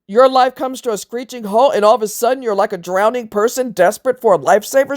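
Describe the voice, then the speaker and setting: A woman's voice: on the high side, fairly quick, few pauses, a little mellow. A woman ranting to her viewers in a blunt, scornful, profane way, mocking others in voiced quotes. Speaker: vlogger.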